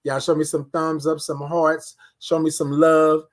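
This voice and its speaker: At a measured pace, a man with a somewhat high voice hosts a casual morning livestream indoors, energetically addressing viewers and leading them in breathing. He repeats phrases frequently, and a phone or webcam sits close to his face.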